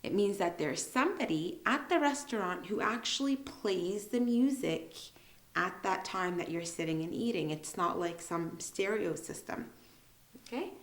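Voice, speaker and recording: Slow, patient woman teaching English. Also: medium pitch, expressive, echoey room. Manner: patient, stretches out example words for emphasis. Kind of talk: slow, careful teaching explanation.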